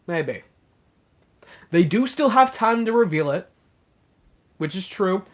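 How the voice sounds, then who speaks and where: A man's voice: high-pitched, lively intonation, takes it slowly. A young man hosting a casual livestream, rambling with lots of fillers as he talks to his chat. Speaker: livestream host.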